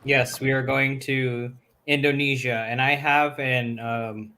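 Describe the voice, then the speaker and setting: A man co-hosting a casual podcast, thinking out loud with frequent pauses and fillers. His voice sits at an ordinary middle pitch. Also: little pitch movement, slight background noise. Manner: hesitant, musing aloud with fillers. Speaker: podcast co-host. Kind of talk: casual chat.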